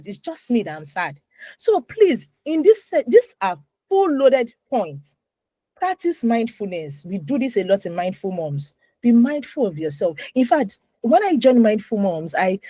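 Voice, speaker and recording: A woman in her thirties giving an animated, emphatic talk to a moms' group on a video call. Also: on the high side, dry recording, low-quality recording. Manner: animated, emphatic, with repetitions and acted asides. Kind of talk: live online talk.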